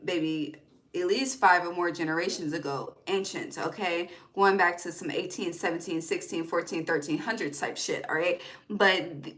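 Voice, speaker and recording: A young tarot reader with a lowish, fairly bright voice gives a casual spiritual card reading. She gets emotional and near tears, swears freely, and keeps checking in with "okay" and "all right."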